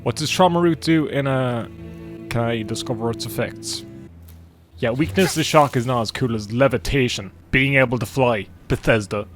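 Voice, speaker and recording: A young gaming YouTuber with a mid-range voice at normal speed gives casual, jokey gameplay commentary, swearing freely, with faint game music behind him.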